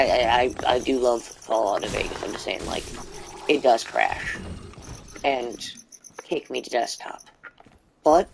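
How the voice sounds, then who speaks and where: A man's voice: medium pitch, vocal fry, noisy background. Rambling, cursing gamer man ranting. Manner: ranting, profane, rambling with many fillers and restarts. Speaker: gaming channel host. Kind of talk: let's play commentary.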